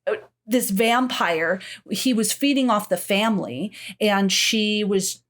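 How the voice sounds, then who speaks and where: Animated, cussing woman podcast co-host. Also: mid-range voice, slow pace. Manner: animated, swears freely, acts out reactions. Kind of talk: casual chat.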